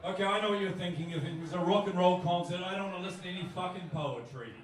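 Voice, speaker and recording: A man's voice: sits high, quick pace, heavy background noise. A man from New Zealand with a New Zealand accent, performing spoken-word poetry live on stage with punchy, rhythmic, repeating wordplay. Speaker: poet. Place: live music bar on stage. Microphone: stage microphone. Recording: echoey club heard from a distance.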